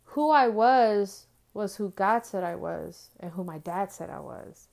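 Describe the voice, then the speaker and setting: Give me a middle-aged woman telling her testimony with lively, acted-out dialogue. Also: mid-range voice, unhurried, gravelly. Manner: animated storytelling, acting out dialogue. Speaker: speaker sharing a testimony. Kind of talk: testimony talk.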